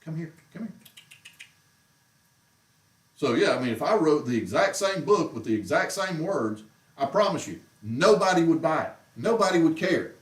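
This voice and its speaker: A man's voice: on the high side, big pitch swings, normal speed. A man hosting a casual show from home, ranting in a heated, exasperated way. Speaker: show host. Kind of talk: casual rant on a livestream. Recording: roomy echo, mic far off.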